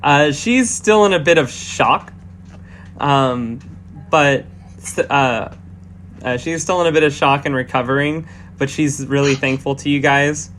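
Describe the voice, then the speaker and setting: A man narrating as game master of a tabletop game, halting with many fillers and restarts. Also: fairly high pitch, a bit bright, a little hiss or hum.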